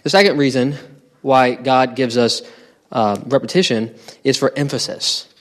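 A pastor with a mid-range voice preaches a sermon in church at a moderate pace. His style is conversational and teaching-oriented, and he asks the congregation rhetorical questions.

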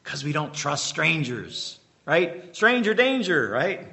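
A man's voice: fairly high pitch, big pitch swings, gravelly, sharp tone. A man preaching a sermon as pastor, quizzing the congregation with fill-in-the-blank questions and repeating key points with emphatic bursts. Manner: emphatic bursts and slowed-down repetition.

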